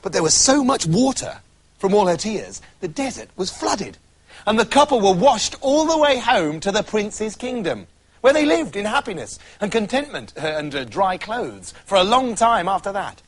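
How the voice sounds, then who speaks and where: A man narrating a fairy tale in a manic, animated comic style, with shouts and sound effects. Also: sits high, moderate pace. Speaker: storyteller.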